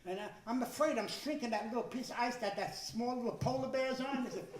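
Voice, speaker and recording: A man in his sixties doing a stand-up comedy routine, talking loudly with stammering restarts and shouted punchlines. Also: extremely high pitch, a little fast, crowd noise. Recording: echoey room, voice from some distance.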